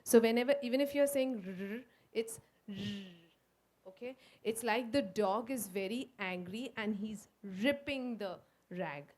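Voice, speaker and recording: A woman with an Indian English accent leading a phonics workshop for teachers, slowly sounding out letters in a coaxing, sing-song way. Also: on the high side, darkish tone. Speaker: teacher trainer. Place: school workshop room.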